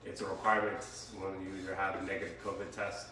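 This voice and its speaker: Deep-voiced man talking fast from across the room. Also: flat delivery, sharp tone. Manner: quick, agreeable, apologetic. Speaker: co-host reading viewer comments. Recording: distant voice in an echoey room with faint noise.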